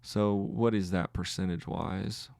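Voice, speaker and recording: A low, gravelly male voice talking through his trades live, thinking aloud and stopping to recount figures. The sound is dry and close, with no room around it. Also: steady tone, measured pace, a little mellow, no echo. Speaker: trading podcast host. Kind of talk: live trading commentary.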